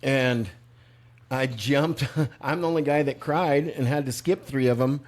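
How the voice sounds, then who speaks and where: Older male podcast co-host, animated casual storyteller, mid-pitched everyday voice. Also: a little slow. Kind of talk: casual chat.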